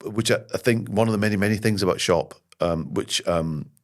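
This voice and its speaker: A middle-aged Scottish man, a podcast guest, telling lively anecdotes and jokes in casual conversation. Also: fairly low pitch, fairly quick. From Scotland. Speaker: podcast guest, comedy writer and actor. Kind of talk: casual interview chat.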